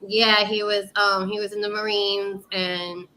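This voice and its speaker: A woman from New York hosting a casual livestream chat, loud and laughing with lots of swearing. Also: mid-range voice, level tone, measured pace, a little hiss or hum. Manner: loud, laughing, profane banter. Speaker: livestream show host. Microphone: livestream setup, video call.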